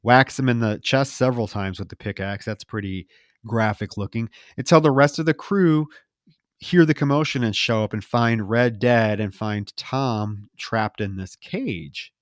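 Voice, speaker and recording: A man's voice: fairly low pitch, unhurried, no echo. Man recapping a movie, dry close sound. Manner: animated retelling with lively emphasis. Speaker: podcast co-host. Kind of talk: casual film recap chat.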